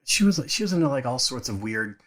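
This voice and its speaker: Man, podcast co-host, animated storyteller, lively rising and falling pitch, acts out quotes. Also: a little fast. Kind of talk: casual chat, storytelling. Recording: studio recording of modest quality.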